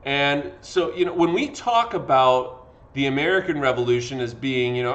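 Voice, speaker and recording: A man's voice: mid-range voice, animated, moderate pace, a bit bright, highs cut off. A man, a history teacher giving a casual lecture over a video lesson, tired from talking, with lots of fillers and acted-out quotes. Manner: conversational, acts out quotes with fillers. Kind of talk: classroom lecture.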